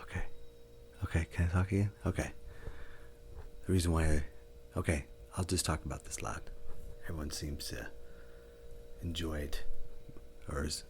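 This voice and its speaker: A male comedian hosting a casual solo podcast from a hotel room, talking in an excitable, animated way and swearing freely. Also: extremely low pitch, normal speed, pauses often, a little hiss or hum. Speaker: stand-up comedian and podcast host.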